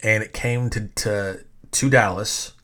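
A man's voice: lowish voice, fairly even intonation, takes it slowly, a bit bright. A middle-aged man telling stories in a casual, rambling way, with lots of swearing, restarts and quoted voices. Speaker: storyteller recalling wrestling events. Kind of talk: casual storytelling.

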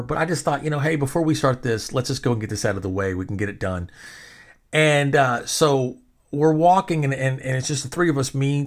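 Rambling, profane man telling a story. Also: mid-range voice. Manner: rambling, profane and indignant, full of restarts. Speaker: podcast host. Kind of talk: casual storytelling monologue.

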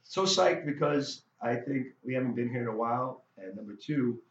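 A middle-aged man, a guest musician, telling a story in a casual interview, animated and full of restarts and stammers. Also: medium pitch, normal speed, a little hiss or hum. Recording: roomy, dull lo-fi sound.

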